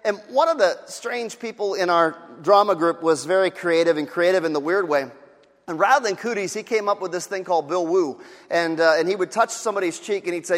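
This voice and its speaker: A middle-aged male pastor preaching a sermon in a church, swinging from hushed, intimate passages to shouted emphasis. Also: high voice, fast talker. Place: church hall. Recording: long hall reverb.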